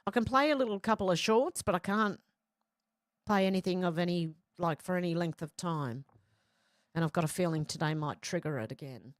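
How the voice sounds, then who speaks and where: A woman's voice: on the low side, fairly quick, no room sound, clean studio sound. A middle-aged woman, hosting a casual livestream and reading viewer comments aloud in a chatty way. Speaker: livestream host reading chat. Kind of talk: casual chat.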